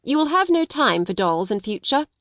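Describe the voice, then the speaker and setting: A woman narrator voicing a harsh, domineering middle-aged schoolmistress with a sharp, cold, scolding manner. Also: high-pitched, very animated, moderate pace, dry recording, studio quality, pitched above the performer's own voice, exaggerated voice.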